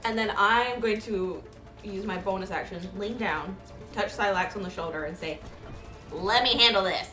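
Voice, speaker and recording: A woman's voice: medium pitch, moderate pace, fairly bright tone, roomy sound, soft background music. Chatty woman at the game table. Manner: chatty, hesitant, joking. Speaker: player.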